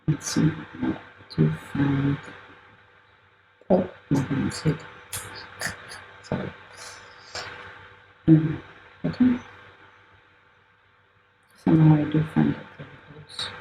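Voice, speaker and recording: In an echoey art gallery with faint ambient noise, a woman artist live-streams her drawing while chatting casually. Her low, creaky voice sounds like its highs are cut off, and she thinks aloud, corrects herself and laughs frequently.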